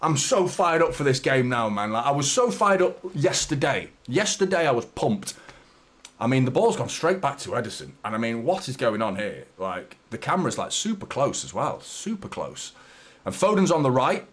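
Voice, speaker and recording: A young man hosts a live football watchalong from his desk mic, chatting with viewers between moments of play. His voice sits at an ordinary middle pitch, and he turns excitable and sweary when the action heats up. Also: moderate pace. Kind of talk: live match watchalong commentary.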